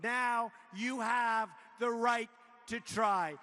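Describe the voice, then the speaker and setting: A man's voice: very high-pitched, fairly even intonation, very slow, pushed and bright. A man in his seventies giving a campaign rally speech in a large indoor arena, boastful and repetitive, riffing off-script into a podium mic. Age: 70s. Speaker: politician addressing a rally. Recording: echoey arena with long reverb, faint noise.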